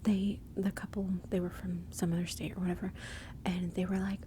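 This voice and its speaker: A woman's voice: on the low side, little pitch movement, a little fast, warm tone, a little hiss or hum. A woman from Texas with a Texan accent, whispering close to the mic as she hosts rambling, self-interrupting ASMR commentary. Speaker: ASMR channel host.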